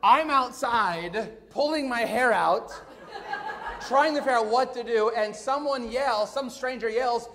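A middle-aged man, a pastor, telling a story in a sermon, animated and swinging from hushed to excited. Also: extremely high pitch, a little slow.

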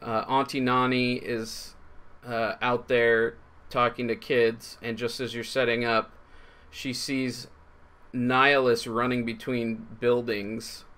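A man narrating as game master of a tabletop game, in a halting way full of fillers and restarts. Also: medium pitch, little pitch movement, fairly bright tone, smooth.

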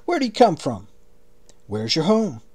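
A man's voice: fairly high pitch, huge pitch swings, a little slow, darkish tone, breathy edge, heavily acted. A man voicing a boastful, pushy American prisoner who runs the camp. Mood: prying. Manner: blunt, profane, pushy.

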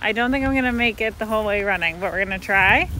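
A woman's voice: mid-range voice, fast talker, pushed and bright, low-quality recording. A woman vlogging to her phone camera outdoors, chatty and upbeat. She talks casually, as if to a friend. Faint outdoor noise runs underneath. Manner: chatty, upbeat, talking to camera while walking. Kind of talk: casual vlog chat. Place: outdoors by lakeside stairs.

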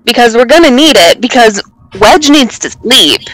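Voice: medium pitch, animated, moderate pace, a bit bright, dry recording, rough recording. A player in a tabletop roleplaying game, playful and laughing often, making bold jokes. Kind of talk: casual tabletop play.

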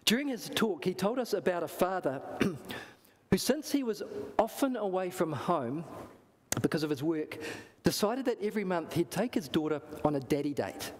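A man's voice: sits high, animated, moderate pace, a little mellow, long reverb tail. A man with a New Zealand accent, preaching a sermon in a church and acting out the voices in his story. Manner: storytelling, acts out quoted voices.

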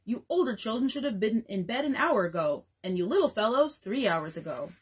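A man's voice: high voice, sing-song, a little fast, husky, full character voice. A woman voicing a fussy, bossy father of twelve who teases and grumbles. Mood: mock-grumbling. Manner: blustery and teasing.

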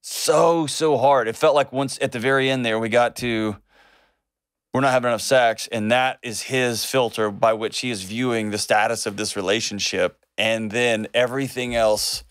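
An earnest man hosts a relationship advice show in a dry, close studio sound. His voice sits at a middle pitch. He talks with emphasis and acts out the lines he quotes. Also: steady tone, normal speed, a bit bright, smooth, no echo. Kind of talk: casual on-air advice and chat.

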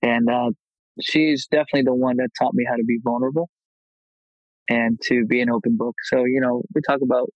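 A man in his thirties, a martial arts instructor, talks candidly as a guest in a casual podcast interview, reflective and open about his past. His middle-pitched voice, a little fast, gets animated when retelling moments. The recording is muffled, dry and close, with no room echo.

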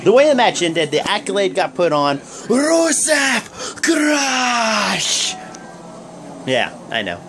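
Rambling young man with lively pitch. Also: brisk, few pauses. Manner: rambling, joking, many fillers. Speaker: host of a wrestling review vlog. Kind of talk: casual recap talk. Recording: noisy background hum.

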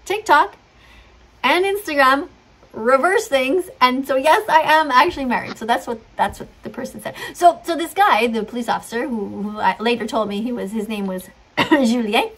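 A middle-aged woman with a breathy, slightly raised voice tells a long story in an earnest, rambling way. She keeps jumping into quoted lines, acting out each person's words. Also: sits high, moderate pace, fairly bright tone. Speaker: vlogger telling a story. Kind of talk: storytelling monologue.

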